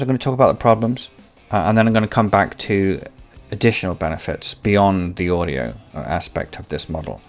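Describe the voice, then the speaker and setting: A man hosting a tech tutorial, rambling and repeating words as he searches for what to say. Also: fairly low pitch. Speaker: tech video host. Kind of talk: tutorial commentary.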